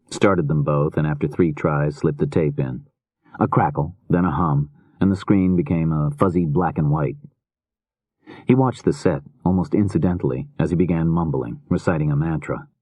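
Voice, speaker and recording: A man narrating a thriller audiobook in a measured, grave manner. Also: extremely low pitch, a little mellow, no echo.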